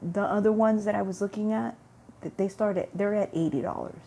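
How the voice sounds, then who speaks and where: A woman with a gravelly, dark voice tells a long everyday story in a casual vlog, acting out what each person said. She rambles and repeats herself as she goes, and there is a faint hiss of background noise. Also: mid-range voice, fairly quick. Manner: rambling, repeats words, acts out dialogue. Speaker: vlogger. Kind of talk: casual storytelling about faith.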